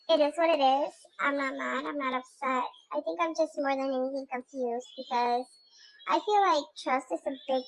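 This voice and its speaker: A woman's voice: sits high, slight background noise, rough recording. A woman telling a personal story casually, swearing and acting out what people said. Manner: animated, swearing, acts out quotes.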